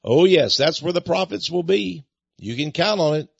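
Folksy older man, husky lo-fi voice. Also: on the high side, animated, moderate pace, dry recording. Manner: folksy, rambling, chuckling asides. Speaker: radio show host. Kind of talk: talk radio monologue with book pitch.

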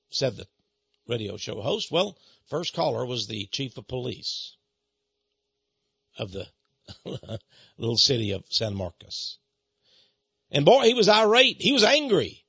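A middle-aged man tells stories as an animated lecture. His fairly high voice is gravelly and husky, and the recording sounds dull and dry. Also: no room sound. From Austin, Texas. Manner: animated, emphatic, with dramatic pauses. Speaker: speaker on Freemasonry. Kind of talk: storytelling lecture.

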